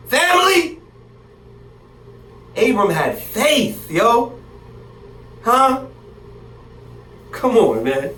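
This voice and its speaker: A man teaching from the Bible in a casual, slang-filled way, talking straight to his listeners and reading verses aloud. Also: high voice. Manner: slangy, animated, talks to the audience directly. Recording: echoey room, distant mic, faint hiss.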